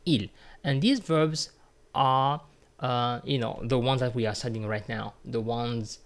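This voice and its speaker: Slow-paced man teaching grammar. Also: mid-range voice. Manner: slow, repeats conjugations aloud, explains step by step. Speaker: French teacher. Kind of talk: grammar lesson.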